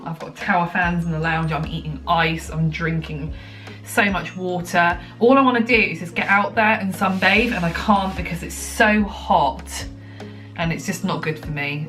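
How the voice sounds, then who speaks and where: A woman's voice: sits low, a bit bright. Breathless, chatty woman vlogging. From United Kingdom. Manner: chatty, rambling, frequent ums and likes. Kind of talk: casual chat to camera. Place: at home, indoors.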